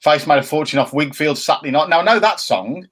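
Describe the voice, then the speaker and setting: A man's voice: a little high, lively intonation, fast talker, fairly bright tone. A man co-hosting a casual chat show, bantering and teasing his co-host while reading viewer comments. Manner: jokey banter, playful mocking impressions.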